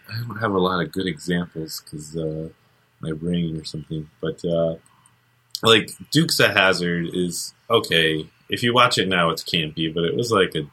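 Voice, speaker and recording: A man's voice: deep voice, bright, forceful tone, breathy edge. A man co-hosting a podcast in casual chat, rambling and joking with lots of fillers. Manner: rambling, jokey, many fillers. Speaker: podcast co-host.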